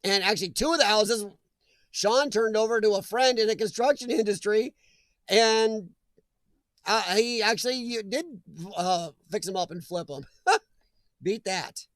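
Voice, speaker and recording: A high-voiced man hosts a live chat stream, casually reading out viewer comments. Unhurried and a bit bright, with no echo, he jokes and chats, laughs often and addresses viewers by name.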